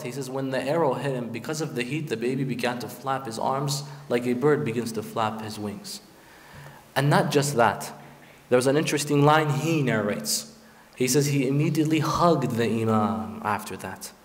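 A man delivering a Muharram sermon, telling the story dramatically and voicing the figures in it. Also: mid-range voice. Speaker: preacher. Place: large prayer hall. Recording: roomy hall echo.

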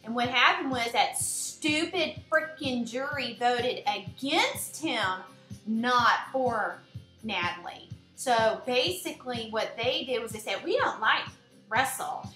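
Animated, blunt woman ranting in an echoey room. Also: on the high side. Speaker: vlogger. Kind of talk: casual rant to camera.

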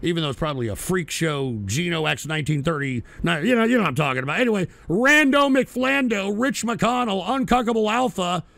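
A man's voice: sits high, animated, a little fast, vocal fry, few pauses, fairly bright tone, no echo. A man hosting a live talk stream who reads out chat names in a profane, sarcastic ramble. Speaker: streaming talk show host.

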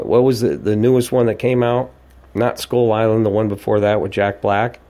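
A man's voice: fairly low pitch, moderate pace, dark tone. A man in his forties hosting a podcast, ranting and telling stories in a casual, profane monologue. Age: 40s. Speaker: podcast host.

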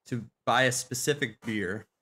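A man's voice: medium pitch, measured pace, sharp tone. A man from South Dakota streaming a game with friends, telling a story in casual chat, acting out quotes and swearing freely.

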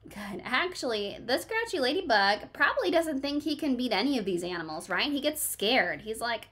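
A woman's voice: a little high, sing-song, moderate pace, few pauses, fairly bright tone. A woman teacher reading a picture book aloud to a class, asking questions and encouraging children by name.

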